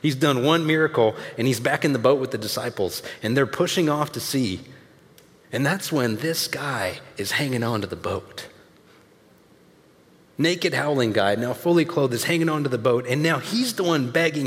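A male pastor delivers a sermon in a relaxed, conversational manner, leaning into key points and dropping in casual asides. His mid-pitched voice carries through a large church hall, trailing a long reverb. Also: normal speed.

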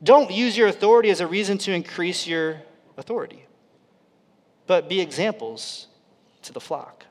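A male pastor preaching a sermon in an earnest, conversational way, his loudness rising and falling sharply. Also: sits high, lively intonation, normal speed, long pauses. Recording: long reverb of a large hall.

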